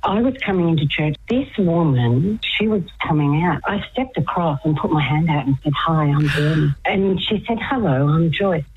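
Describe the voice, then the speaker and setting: A woman's voice: low-pitched, expressive, normal speed, few pauses. An older woman chatting as a radio guest, telling her story with eagerness and frequent laughter. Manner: enthusiastic storyteller, laughs often. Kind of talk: casual chat on radio. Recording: muffled lo-fi radio sound.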